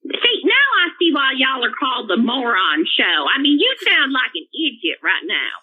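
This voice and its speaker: An irate mom caller, shrill, ranting, swooping up and down, tinny phone line. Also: sing-song, moderate pace. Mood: scornful. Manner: shrill, indignant, rants nonstop. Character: irate middle-aged mother calling into a show.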